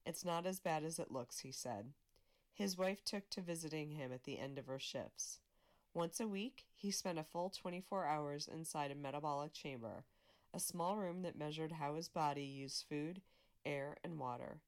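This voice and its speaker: A woman volunteer reader reading a magazine article aloud in a steady, measured way, with small slips she corrects herself. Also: low voice.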